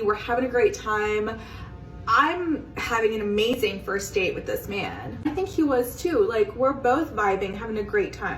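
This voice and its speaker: Gushing woman in an echoey room. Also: on the high side. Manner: excited, gushing. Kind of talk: casual storytime to camera. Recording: echoey room, distant mic.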